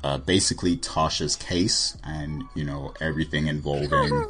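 A man's voice: a bass voice, moderate pace, fairly bright tone, faint music behind. A man co-hosting a casual TV recap podcast, talking loosely with lots of fillers and turning questions to his co-hosts. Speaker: podcast co-host.

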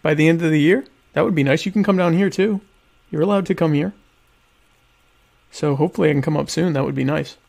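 Man, livestream host, gravelly voice, slightly high pitch, sarcastic rambling chat. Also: quick pace, long pauses, a little mellow. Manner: sarcastic, self-mocking, rambling asides.

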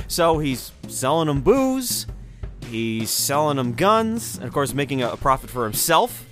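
In a sing-song, mid-range voice with a fairly bright tone, a history show host speaks a little slowly over faint background music. His casual lecture wanders conversationally, with speculative asides sprinkled in.

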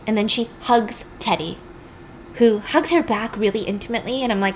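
A woman's voice: mid-range voice, fairly even intonation, moderate pace, slight background noise. A young woman casually recapping a film story with chatty, sarcastic asides.

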